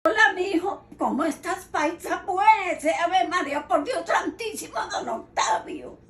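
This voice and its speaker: A woman with a Colombian accent, a guest, reading sample phrases with a lively, playful delivery. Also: very high voice, moderate pace. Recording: echoey room, distant from mic.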